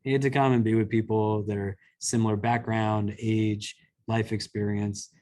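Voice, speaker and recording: An imam speaks to a gathered group in a relaxed, conversational way. He is earnest and warm in tone, with plenty of filler words and asides to his listeners. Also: lowish voice, normal speed. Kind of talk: informal religious talk. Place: community center hall.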